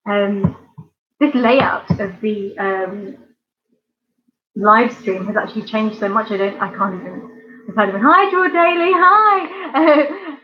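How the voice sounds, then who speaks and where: A woman with a mid-range voice speaks slowly but animatedly in a muffled recording. She's an art channel host from near London with a southern English accent, casually chatting to live stream viewers and rambling with many ums and giggles.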